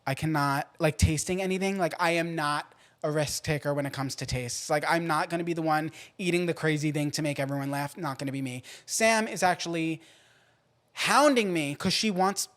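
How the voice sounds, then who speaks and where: A man hosting a podcast in a casual, playful way, swinging between loud outbursts and quiet asides. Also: on the high side, normal speed. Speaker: podcast host.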